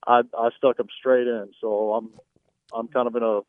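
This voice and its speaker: Polite caller on a tinny phone line. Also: male voice, medium pitch, flat delivery, moderate pace, dry recording. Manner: hesitant, polite, with many fillers. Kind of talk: phone call to a radio show.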